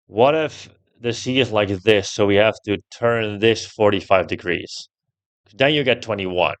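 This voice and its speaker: A young man commenting while he plays a puzzle game, thinking out loud, swearing often and getting loudly frustrated. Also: on the low side, a little slow. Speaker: gameplay streamer.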